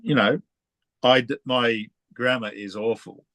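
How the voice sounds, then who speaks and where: An Australian man interviewing a guest in a relaxed way, telling stories and laughing often. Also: medium pitch, unhurried, dry recording. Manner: chatty, storytelling, laughs often. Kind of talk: casual conversational interview.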